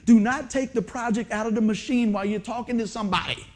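Preacher guy telling funny stories from the pulpit, high voice, keeps laughing and whooping. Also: fast. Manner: animated, laughing often, with high excited whoops. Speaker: pastor. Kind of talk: humorous storytelling sermon. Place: church sanctuary before a congregation.

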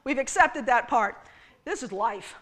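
Woman pastor, sermon with props, playful and teasing, crisp high voice. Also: animated, measured pace, a bit bright. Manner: playful, teasing, addressing the congregation directly. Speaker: preacher.

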